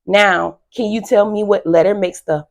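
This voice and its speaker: A woman teacher giving a phonics lesson to young children, slow and encouraging with frequent praise. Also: medium pitch, fairly even intonation, vocal fry.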